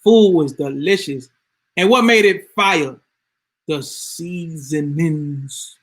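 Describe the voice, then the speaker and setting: A man's voice: sits high, lively intonation, a little slow, fairly bright tone. A man ranting casually to his viewers, emphatic and swearing freely. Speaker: vlogger. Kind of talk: casual rant to camera.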